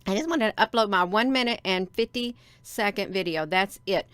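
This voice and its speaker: A woman hosts a livestream from her home computer, talking to viewers in an excitable, repetitive way. Her voice is smooth and clear, recorded close and dry with no room sound. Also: medium pitch, moderate pace, no echo. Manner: excitable, repeats herself, addresses viewers as "you all". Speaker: livestream host. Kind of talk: casual livestream talk to viewers.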